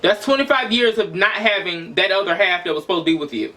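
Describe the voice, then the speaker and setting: A man's voice: sits high, animated, quick pace, sharp tone, faint music behind. A man in his twenties venting in a raw, emotional, profane personal monologue for his vlog. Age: 20s. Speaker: vlogger.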